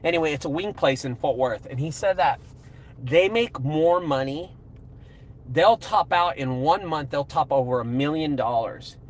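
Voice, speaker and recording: A man telling a story in a casual, slangy live video, animated and excitable. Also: fairly high pitch, normal speed, rough recording. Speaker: junk removal business owner and channel host.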